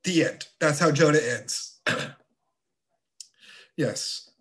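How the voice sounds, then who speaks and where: A man teaching a confirmation class of teenagers in a relaxed, chatty way with playful asides. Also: a little high, drawn-out words. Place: church.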